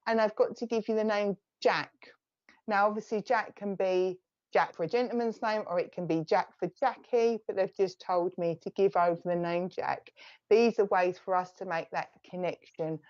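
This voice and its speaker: A woman's voice: mid-range voice, fairly even intonation, moderate pace, a little mellow, dull audio. A woman with an Essex accent giving a live psychic reading, relaying messages in a chatty, reassuring way. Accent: Essex English. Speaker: psychic medium.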